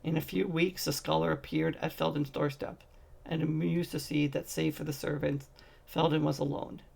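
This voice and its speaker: A man's voice: a little high, little pitch movement, moderate pace, vocal fry, darkish tone, slightly rough. A man narrating a fantasy short story as a fan audiobook, reading steadily with occasional slips.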